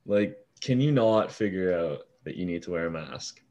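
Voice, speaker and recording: A young man with a deep voice telling a story in casual talk, swearing freely and acting out what people said. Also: normal speed. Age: young adult. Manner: animated storyteller, swears freely, acts out quoted lines. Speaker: fast-food shift manager.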